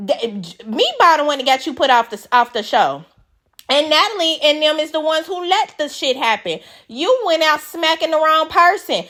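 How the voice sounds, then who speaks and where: A woman giving a casual, blunt recap of a reality show, swearing freely and acting out the cast's lines. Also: fairly high pitch. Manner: animated, blunt, swears, acts out quotes in a raised voice.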